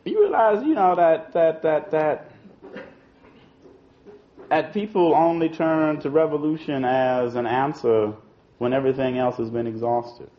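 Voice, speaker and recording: An unhurried man with a slightly high voice addresses an audience in a casual, conversational political talk. Words get repeated, and "you know" and "see" come up often. The archival recording sounds dull and lo-fi.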